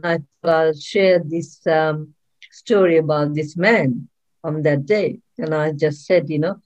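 A woman's voice: low-pitched, darkish tone, dull audio. A woman, a former nurse and author, telling a moving story in an interview, heartfelt and full of ums and restarts.

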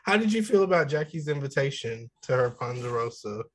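A man's voice: mid-range voice, lively intonation, brisk, a crowd in the background, rough recording. A man co-hosting a podcast in casual, joking chat with loose slang. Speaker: podcast co-host.

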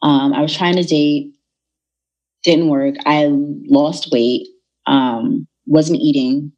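A young woman telling a personal story in a casual, animated way, acting out the people in it. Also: low-pitched, takes it slowly, muffled recording. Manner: animated, retells dialogue in voices.

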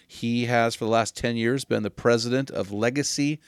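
An upbeat man from Oregon hosts a podcast, tossing in jokes and quick asides as he chats. His voice sits at an ordinary middle pitch, recorded close and dry. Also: fairly even intonation, dry recording. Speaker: podcast host. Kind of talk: casual podcast chat.

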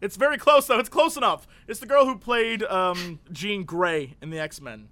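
A man's voice: high-pitched, normal speed, sharp tone. A man co-hosting a casual comedic show, rambling and joking, often laughing. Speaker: co-host. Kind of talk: casual comedic podcast chat.

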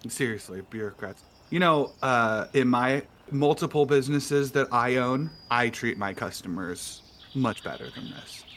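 A man playing a flustered rich guest in a tabletop game, full of complaints and stammering in a tense, raised voice. The voice is bright and a touch faint under light background noise. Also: medium pitch, lively intonation, unhurried. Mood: exasperated. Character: fussy rich male guest, indignant complainer.

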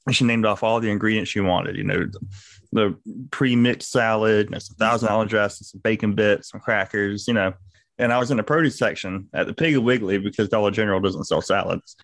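Fast-talking Southern man with a lisp. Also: on the low side, fairly bright tone, no echo. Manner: fast, rambling storyteller with frequent laughs and swearing. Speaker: podcast co-host. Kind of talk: casual chat.

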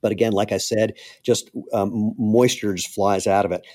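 A man's voice: on the low side, steady tone, moderate pace, warm tone. A middle-aged man, a shoe company founder, talking candidly and earnestly as a guest on a podcast interview. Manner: candid, earnest, gets choked up.

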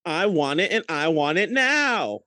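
Male co-host, slow and very animated, dry close sound, teasing chat. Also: fairly high pitch, no room sound. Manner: teasing, egging on. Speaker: podcast co-host. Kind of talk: casual chat.

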